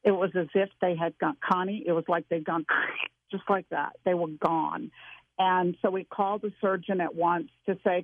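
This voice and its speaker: An older woman, a guest, telling an earnest, animated personal story in casual conversation, with many restarts. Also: lowish voice, normal speed, no room sound. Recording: dry phone-line audio.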